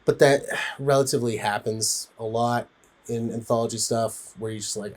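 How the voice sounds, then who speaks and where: A man's voice: on the low side, flat delivery, moderate pace, darkish tone. A man giving a casual spoken film review, rambling with frequent fillers and restarts.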